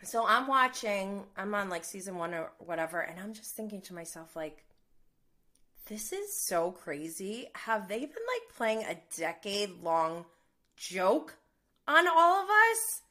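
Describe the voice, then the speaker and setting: Woman in her thirties, slow-paced gossipy chat, bright tone, indignant now and then. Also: medium pitch, sing-song. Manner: chatty, many "like"s, laughs between lines; indignant outbursts. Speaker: reality TV commentator.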